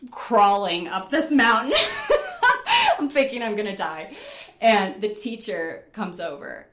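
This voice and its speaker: A middle-aged woman from upstate New York telling stories in a casual interview, animated, laughing often and using lots of fillers. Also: mid-range voice, roomy sound. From Rochester, New York. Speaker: interview guest, rock climber.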